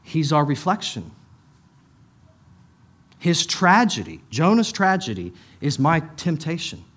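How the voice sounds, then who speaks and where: Man preaching a conversational sermon. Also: a little high. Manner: conversational preaching with emphatic repetitions and asides. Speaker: pastor.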